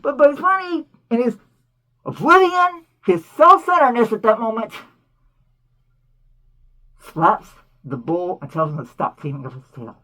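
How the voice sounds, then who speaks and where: A woman hosting a cartoon commentary, talking in an animated, indignant way full of rhetorical questions. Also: fairly high pitch, unhurried, pauses often. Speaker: host.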